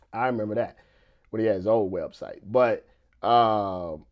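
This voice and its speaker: A man's voice: fairly low pitch, takes it slowly. A man chatting casually on his live stream, loose and conversational, repeating himself and leaning on "you know.".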